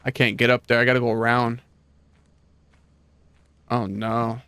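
A man hosting a casual gameplay session, excitable and laughing often as he chats with friends. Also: medium pitch, a little slow, clear, resonant tone, no echo. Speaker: gaming channel host.

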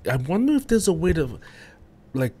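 A man's voice: fairly high pitch, sing-song, moderate pace, dark tone, breathy edge. A man co-hosting a podcast in casual chat, thoughtful and hesitant as he wonders aloud. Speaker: podcast co-host.

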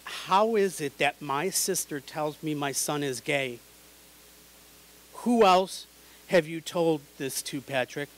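A woman's voice: low voice, takes it slowly, poor audio. A man voicing his older mother, loving but in denial, insistent and pleading. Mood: upset.

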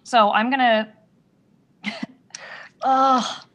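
A woman playing a tabletop game, who talks in a halting, giggly way with lots of fillers. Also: a little high, steady tone, a bit bright. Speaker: player. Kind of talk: casual tabletop play.

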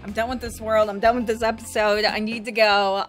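A woman in her twenties giving gaming commentary as a let's play host, exasperated and repeating herself in rapid bursts. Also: mid-range voice, level tone, faint music behind.

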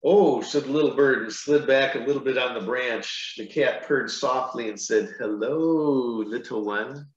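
A man, a pastor, reading a picture book aloud to children, with gentle, chatty asides between pages. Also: mid-range voice, steady tone, moderate pace, hardly any pauses. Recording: echoey room, dull lo-fi sound.

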